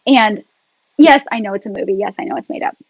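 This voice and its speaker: A woman guest in a casual talk, telling her story in a chatty, animated way. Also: medium pitch, fast, no room sound, low-quality recording. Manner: animated, chatty, laughs often. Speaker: podcast guest.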